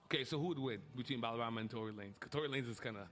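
A man hosting a campus radio show in casual chat, laughing often and jumping into high squeals. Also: racing, fairly bright tone, faint music behind.

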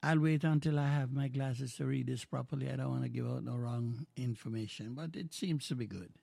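A man's voice: medium pitch, fairly quick, creaky, mellow, no room sound. An older man from Jamaica with a Jamaican accent, hosting a radio show in a rambling, folksy chat that slips into patois. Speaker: radio host.

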